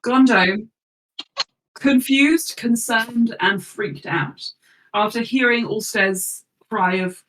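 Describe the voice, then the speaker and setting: A chatty, giggly woman narrates as game master for a tabletop game. Her voice sits slightly high. She is a little away from the mic. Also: slow pace, fairly bright tone, far from the mic, slight background noise, rough recording.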